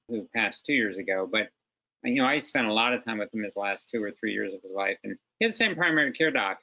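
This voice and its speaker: Man, panel guest, bright tense voice, animated, lo-fi sound. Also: lowish voice, gravelly. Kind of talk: webinar discussion.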